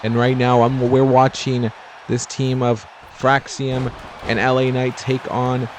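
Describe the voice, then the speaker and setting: Chatty man with a flat voice. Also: medium pitch, slow pace, slight background noise. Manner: chatty, rambling, jokey asides. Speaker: gameplay commentator. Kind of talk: casual play-by-play commentary over a wrestling video game.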